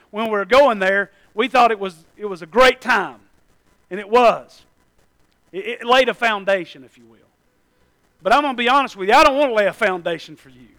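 A middle-aged pastor from Tennessee preaches a sermon in a high-sitting voice. He starts with quiet talk and builds up to loud, emphatic calls.

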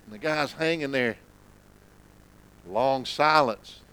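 A man preaching a sermon in church, folksy and conversational, sometimes dropping to a low hush for emphasis. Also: slow pace, smooth, poor audio. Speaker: pastor.

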